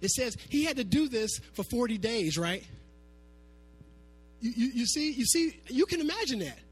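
A man preaching a sermon to his congregation, animated, sometimes half-singing his phrases. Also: very high voice, normal speed, husky, soft background music. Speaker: pastor.

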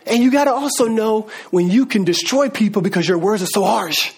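A male pastor preaches a sermon in an animated, conversational way. He swings from relaxed storytelling to sudden emphatic calls. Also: high voice, brisk, vocal fry, breathy edge.

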